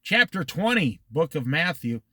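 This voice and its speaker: A man with a fairly high, bright voice leads a casual Bible study, his pitch rising and falling a lot. He talks in a folksy, rambling way and drifts into side stories. The sound is dry, with little room around it. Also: big pitch swings, moderate pace, dry recording. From Iowa. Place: outdoors by the ocean near a dock at dusk.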